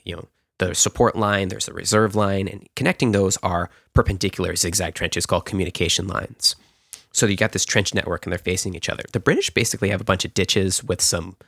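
A man with a very low voice walks the listener through a historical story like he's chatting with a friend. He backs up and restarts his sentences as he explains. The sound is dry and close, with no room around it. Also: fairly bright tone, no room sound. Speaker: podcast host.

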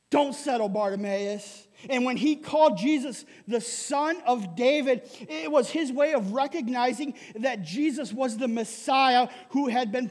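A male pastor preaching a sermon in a lively way, often asking "right?" and laughing. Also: very high voice, big-room sound. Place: church hall.

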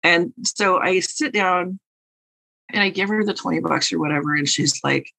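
A woman's voice: on the low side, moderate pace, vocal fry, pushed and bright, rough recording. A woman co-hosting a podcast, telling a story in a wry, profane, laughing way. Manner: profane, wry, laughing through her stories. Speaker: podcast co-host and tarot reader. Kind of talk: casual storytelling chat.

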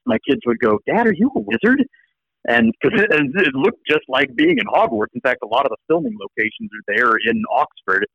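A man with an American accent, a law professor guest telling stories in an animated, restarting way. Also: medium pitch, brisk, few pauses, dry recording, muffled recording. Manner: animated, repeats words as he restarts. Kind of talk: casual storytelling interview.

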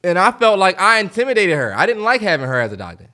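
A man's voice: high-pitched, very animated, quick pace, bright, forceful tone. A man co-hosting a podcast in casual chat, blunt and emphatic, swearing freely. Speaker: podcast co-host.

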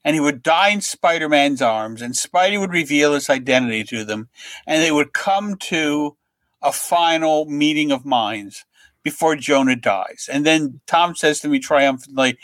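A middle-aged man, a comic book writer guest, telling anecdotes in a lively way and acting out the lines of the people in them. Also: on the high side, unhurried, no echo. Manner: lively storyteller who acts out other people's lines.

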